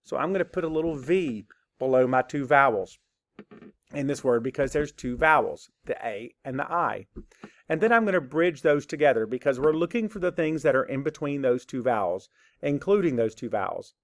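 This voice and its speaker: A man teaches a children's phonics lesson at an ordinary, mid-range pitch. He is patient and encouraging, and he talks straight to young viewers as though they sit in front of him. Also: expressive, moderate pace.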